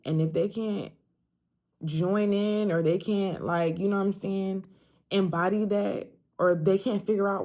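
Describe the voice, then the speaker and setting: A woman's voice: medium pitch, steady tone, a little slow, dark tone. A young woman talking casually straight to camera, emphatic and slangy, often repeating lines for emphasis. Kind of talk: casual self-talk vlog.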